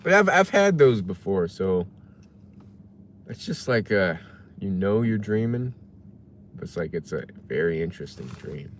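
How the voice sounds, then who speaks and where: A man's voice: low-pitched, very animated, measured pace, long pauses, slight background noise. A man casually chatting on a livestream, musing and reading chat messages aloud from his parked car. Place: parked car while waiting for delivery orders.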